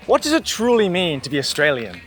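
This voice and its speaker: A man's voice: high-pitched, huge pitch swings, fairly quick, faint music behind, exaggerated voice. A man playing an overeager street interviewer who calls out and fires questions in a short skit. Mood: earnest. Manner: shouting, insistent questioning.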